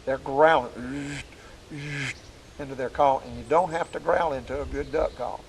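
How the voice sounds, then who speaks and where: A man's voice: medium pitch, fairly quick, vocal fry, a little mellow, a little hiss or hum, poor audio. A man teaching duck calling outdoors in a folksy, plainspoken way. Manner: folksy, plainspoken, demonstrating calls. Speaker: duck call instructor. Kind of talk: outdoor hunting call lesson. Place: woods outdoors.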